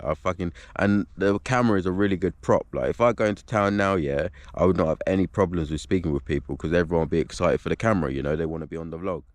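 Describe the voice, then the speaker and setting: A man with a low, heavy voice talks straight to his camera in a loose vlog monologue. He rambles and swears, looping back with "like" and "do you know what I mean". The recording sounds dry and close. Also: a little mellow, no room sound. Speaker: video blogger.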